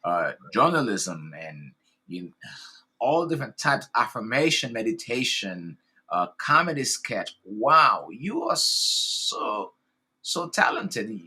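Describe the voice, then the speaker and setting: Effusive man with a bright low voice. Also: very animated, slow, breathy edge. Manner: effusive, enthusiastic, rambling with fillers. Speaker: podcast host. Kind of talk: casual interview chat.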